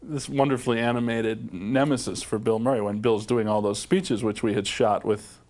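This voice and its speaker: A man's voice: medium pitch, steady tone, normal speed, darkish tone. A man in an interview recalling how a film was made, thoughtful and hesitant. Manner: reflective, hesitant with fillers. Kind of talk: interview recollection.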